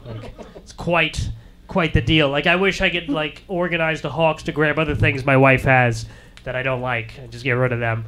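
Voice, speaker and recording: A man performs a stand-up comedy set in a high, ringing voice. He tells his stories deadpan and acts out each character he quotes. His tone stays bright and forward throughout. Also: normal speed.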